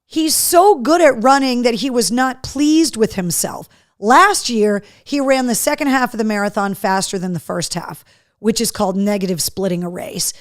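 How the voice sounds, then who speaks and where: Brief: woman, live show host, a touch high-pitched, dry close mic, easygoing and chatty. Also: moderate pace, no echo. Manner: chatty, reads viewer comments aloud. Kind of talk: casual live-stream chat.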